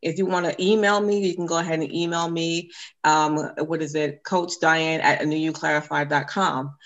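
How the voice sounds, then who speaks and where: A woman guest on a podcast, a forgiveness coach, speaking earnestly and encouragingly and spelling details out slowly. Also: sits low, fairly even intonation, dull audio.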